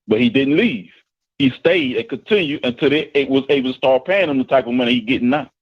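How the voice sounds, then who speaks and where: A man's voice: medium pitch, animated, quick pace, highs cut off. A man calling in to a live show as a coach, teasing the host and then explaining his point at length. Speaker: caller, football coach. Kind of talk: casual call-in chat.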